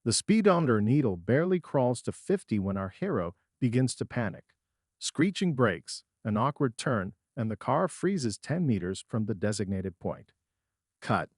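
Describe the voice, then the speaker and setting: A middle-aged man narrating a first-person dramatic story in a measured, storytelling manner. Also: medium pitch, dry recording, studio quality.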